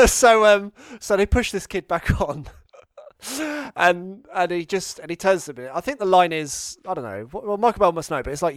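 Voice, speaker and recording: Man co-host, rambling storyteller, high voice, dry close sound. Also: normal speed, clear, resonant tone, dry recording. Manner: rambling, laughs at his own stories. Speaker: podcast co-host. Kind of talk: casual anecdote telling.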